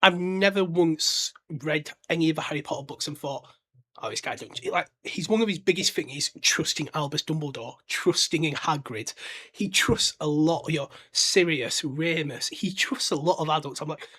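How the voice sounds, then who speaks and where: Man, podcast host, casual rambling talk, slightly high voice, blunt. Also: normal speed, fairly bright tone. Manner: chatty and blunt, with frequent fillers and restarts. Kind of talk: casual solo podcast commentary.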